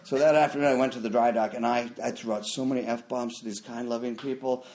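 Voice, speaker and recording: A middle-aged man sharing his own recovery story at a meeting, talking casually and jumping into loud acted-out quotes. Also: mid-range voice, fairly even intonation, quick pace. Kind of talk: personal story shared at a meeting.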